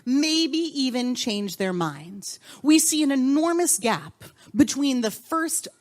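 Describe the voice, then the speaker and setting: Lively woman rabbi, high voice, animated, draws answers from a group. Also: takes it slowly. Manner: animated, questioning the group and calling on students. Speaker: rabbi and cantor teaching a class. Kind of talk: interactive Torah class. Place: synagogue.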